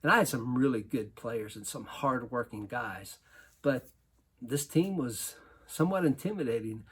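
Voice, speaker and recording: A basketball coach telling a lively personal story to an audience, laughing often as he goes. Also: medium pitch, normal speed, breathy edge. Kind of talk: storytelling talk.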